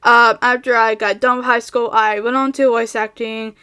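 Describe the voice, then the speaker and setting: Answering questions in a relaxed, meandering vlog packed with fillers, a young woman voice actor talks at normal speed. Her voice is on the high side, level, sharp, and smooth, captured on a pop-filtered studio mic in a home bedroom setup.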